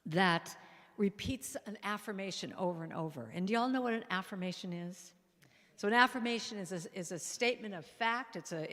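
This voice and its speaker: A woman guest speaker and musician giving a playful, animated spiritual talk in a church hall, now and then breaking into song. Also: medium pitch. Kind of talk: lively spiritual talk with singing.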